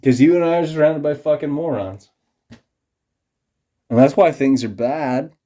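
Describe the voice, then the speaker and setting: Man, tipsy vlogger, rambling profane conspiracy rant, dark mellow tone. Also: fairly high pitch, measured pace. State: tipsy from drinking beer. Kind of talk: rambling monologue to camera.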